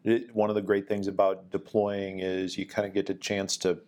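A man hosting a podcast interview, firing off quick questions in an upbeat, joking way. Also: low-pitched, monotone, darkish tone. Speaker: podcast host, command chief. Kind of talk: casual interview, rapid-fire questions.

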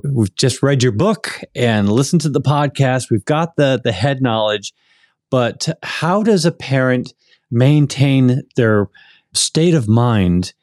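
Podcast host guy, mid voice, slow thoughtful questions, dry close sound. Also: mid-range voice, a little mellow, no room sound.

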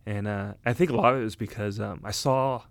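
A man in his thirties, telling his story as an interview guest in earnest, halting casual talk with many fillers. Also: on the low side, fairly even intonation, gravelly, dry recording. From United States. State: emotional, near tears. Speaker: interview guest, Army officer. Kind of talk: casual conversation.

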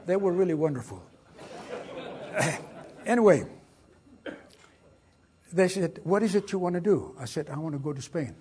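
An older man with a Greek accent giving a storytelling lecture about his wartime experiences, lively and dramatic. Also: on the high side, normal speed, long pauses, a little hiss or hum. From Greece. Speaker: guest speaker.

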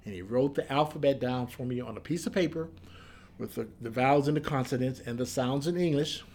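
A man's voice: mid-range voice, a little fast, slight background noise. American man telling his army story. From United States. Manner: lively recounting, acts out quoted dialogue, repeats and restarts. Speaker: former Army soldier and Korean linguist. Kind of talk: interview storytelling.

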